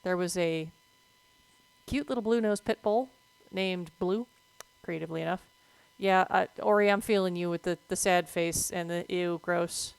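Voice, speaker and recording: A woman streaming a game and chatting casually about veterinary topics, moving between relaxed talk and excited yelps at the game. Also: fairly low pitch, moderate pace, creaky, clear, resonant tone, no echo, low-quality recording. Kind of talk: casual gameplay commentary.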